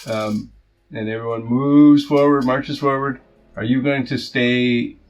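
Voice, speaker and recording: A man running a tabletop game as game master, relaxed and joking with his players. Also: mid-range voice, measured pace. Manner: relaxed, joking, laughs often.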